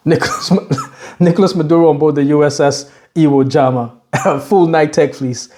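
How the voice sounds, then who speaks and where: A man's voice: a little high, steady tone, normal speed, darkish tone. A young man giving casual, mocking reaction commentary on news clips, laughing often and dropping slang.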